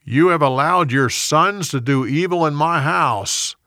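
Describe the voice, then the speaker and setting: A man's voice: fairly high pitch, a little slow, bright, forceful tone, dry recording, studio quality, pitched above the performer's own voice. A man reading the part of a stern prophet delivering a warning, in a Bible storybook reading.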